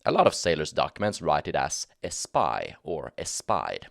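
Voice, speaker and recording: A man with a Scandinavian accent giving scripted documentary narration, measured and explanatory, slowing down to pronounce example words. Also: very deep voice, huge pitch swings, creaky, no echo, clean studio sound. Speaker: history video narrator.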